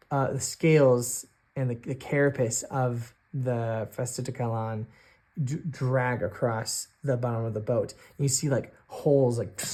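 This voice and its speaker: A man narrates a solo tabletop game at a slow, unhurried pace. He thinks aloud as he goes, pausing and restarting often. His pitch sits in the middle range. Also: mellow. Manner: hesitant, full of fillers and restarts, thinking aloud. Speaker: game master and sole player.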